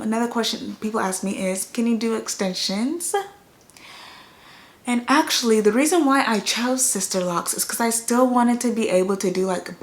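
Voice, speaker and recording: Laid-back young woman vlogger, rambling. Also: mid-range voice. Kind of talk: casual chat.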